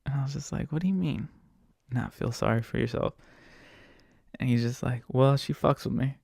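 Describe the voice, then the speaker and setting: A man's voice: medium pitch, level tone, normal speed, gravelly, darkish tone, no echo, studio quality. A man telling a story in a casual, profane, laid-back way as a podcast host, retelling a conversation with a passenger.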